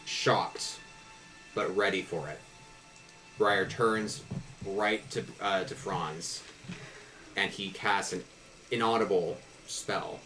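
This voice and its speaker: A man's voice: sits low, fairly even intonation, takes it slowly, pauses often, sharp tone, soft background music, rough recording. A man narrating a tabletop game as game master, casual and descriptive, with restarts.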